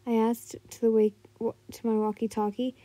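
A woman's voice: on the high side, flat delivery, moderate pace, mellow, no echo. A woman reading a listener story aloud, often stumbling and restarting words. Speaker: fan fiction reader.

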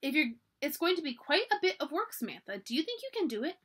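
Lady reading nice gentle teacher lady, calm and encouraging, bright voice. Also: high voice, fast, pitched above the performer's own voice. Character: kind, thoughtful female schoolteacher.

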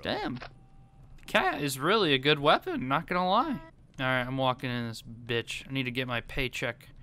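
A man giving gameplay commentary, panicking and pleading in fast repeated bursts. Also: mid-range voice, animated, bright, forceful tone, a little hiss or hum. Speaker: gaming YouTuber.

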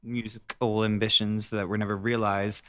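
Jokey male interviewer, smooth voice. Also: fairly low pitch, little pitch movement, normal speed, sharp tone, no room sound. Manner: jokey, teasing, self-deprecating. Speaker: interviewer, host. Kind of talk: casual interview chat. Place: studio.

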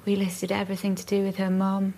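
Gravelly, flat-toned woman interviewee. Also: mid-range voice, brisk, slight background noise. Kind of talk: emotional interview recollection.

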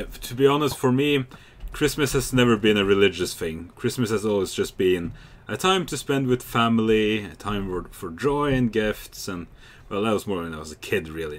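A young man giving casual, chatty commentary while playing a game, excitable and swearing freely. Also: lowish voice. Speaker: gamer.

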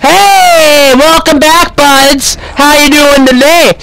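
A young man hosting a let's play, excitable and shouting at the game as he plays. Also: very high-pitched, slow pace, vocal fry, heavy background noise. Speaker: gaming channel host. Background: game music.

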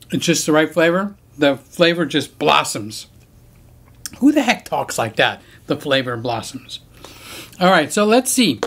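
A man's voice: high voice, a bit bright, a little hiss or hum. A middle-aged man chatting casually in a home unboxing vlog, joking around and talking to his pets in a Christmas-decorated room. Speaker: camera vlogger.

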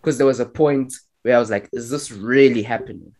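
A man's voice: mid-range voice, a little fast, very noisy. A young man telling a story on a podcast, acting out the lines he quotes. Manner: animated, acts out quoted lines. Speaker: podcast co-host. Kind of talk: casual storytelling among friends.

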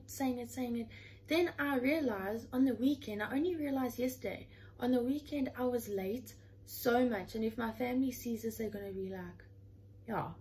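A woman's voice: fairly high pitch, darkish tone, low-quality recording. Earnest young woman chatting from her room. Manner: earnest, chatty, often says "literally". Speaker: vlogger. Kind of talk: casual heartfelt chat.

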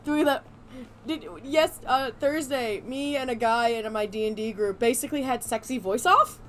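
A woman with a notably high voice talks over her gameplay in casual commentary. She jokes and riffs playfully with a friend while pushing through the plot. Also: normal speed, fairly bright tone, slight background noise. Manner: playful, joking banter. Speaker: let's play host.

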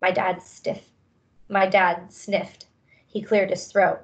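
A woman reading a children's novel aloud in a calm, measured way. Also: medium pitch, muffled recording. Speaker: reader.

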